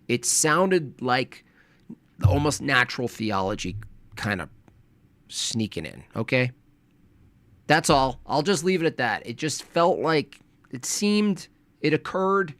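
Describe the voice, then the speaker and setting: A man's voice: mid-range voice, big pitch swings, slow, pauses often, fairly bright tone, dry recording. A man streaming casual, rambling chat, hedging and self-deprecating as he talks.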